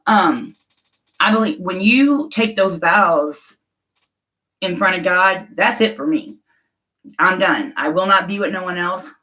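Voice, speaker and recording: A woman's voice: lowish voice, a little slow, pauses often, pushed and bright, poor audio. Blunt, outspoken woman chatting live. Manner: blunt, outspoken, emotional, laughs often. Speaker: livestream host chatting with viewers. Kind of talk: casual livestream chat.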